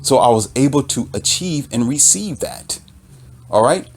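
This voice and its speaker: Male commentator, mid-pitched, animated intonation, repeats key phrases like a sermon. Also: measured pace, breathy edge. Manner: emphatic, repetitive, preaching tone. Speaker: author and commentator. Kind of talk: impassioned opinion monologue.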